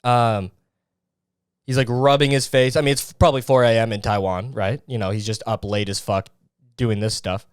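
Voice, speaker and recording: A man's voice: on the low side, steady tone, normal speed, clear, resonant tone, no echo, studio quality. Crude, mocking man ranting. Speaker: podcast host. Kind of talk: casual podcast rant.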